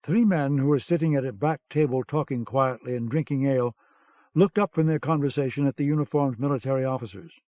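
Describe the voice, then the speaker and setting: Guy reading a novel aloud, steady, dry close sound, muffled old tape. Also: medium pitch, a little fast, no echo. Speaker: audiobook narrator. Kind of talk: scripted narration. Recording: dull cassette-era audiobook sound.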